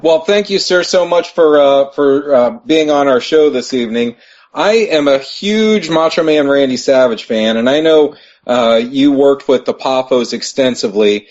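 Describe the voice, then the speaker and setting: A podcast co-host asking a guest a polite, formal question, pausing on fillers. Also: male voice, medium pitch, a little mellow. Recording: dull lo-fi audio.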